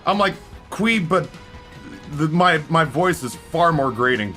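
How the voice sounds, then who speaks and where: Man, forties, live streamer, bright tense voice, slightly high, rambling and profane, faint music behind. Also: lively intonation, unhurried. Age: 40s. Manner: rambling and profane, greeting chatters by name. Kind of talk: casual live-stream chat with viewers.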